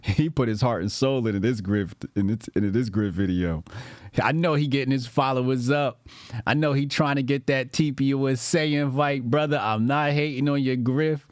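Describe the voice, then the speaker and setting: A man's voice: medium pitch, no echo, clean studio sound. A man doing laughing reaction commentary, mocking what he watches and breaking into laughter often. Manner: mocking, laughs often, slow drawn-out delivery. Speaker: commentary streamer.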